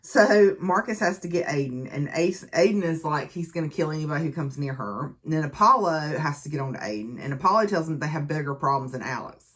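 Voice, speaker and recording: A woman with a somewhat low voice talks through a book review in a relaxed, chatty way. She recaps the story conversationally, leaning on easy fillers as she goes. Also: brisk, hardly any pauses.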